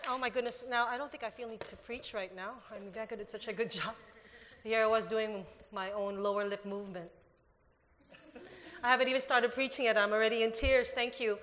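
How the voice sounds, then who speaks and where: A woman's voice: on the high side, steady tone, brisk, a bit bright, some chatter behind, slight background noise. A woman preacher starting a sermon, emotional and rambling, reading scripture aloud. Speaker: pastor. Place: church hall. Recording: hall reverb.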